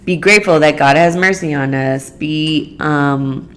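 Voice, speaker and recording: A woman with a low, deep voice hosts her own podcast alone, talking things through in a casual monologue. She rambles earnestly, restarting her sentences and leaning on "like" and "you know" as she works out what she means. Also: a little slow, a bit bright. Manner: earnest, rambling, many "like" fillers. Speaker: podcast host.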